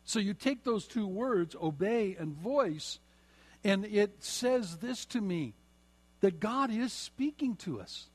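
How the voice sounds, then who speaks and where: A middle-aged man preaching a sermon, slowing down and repeating phrases for emphasis. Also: sits high, expressive, darkish tone, slightly rough. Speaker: pastor.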